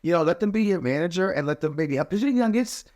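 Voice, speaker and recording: A man's voice: sits high, lively intonation, fast, a little mellow, dry recording. Guy on a podcast chatting loosely, voice jumps up and down a lot, dry close sound. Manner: loose and conversational, many "you know" asides. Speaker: podcast guest. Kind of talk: casual personal storytelling.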